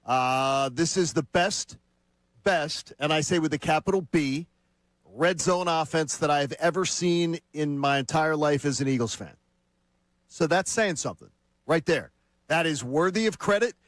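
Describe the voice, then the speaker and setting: A man's voice: fairly high pitch, moderate pace, no echo. A man giving sports commentary in an emphatic, earnest way.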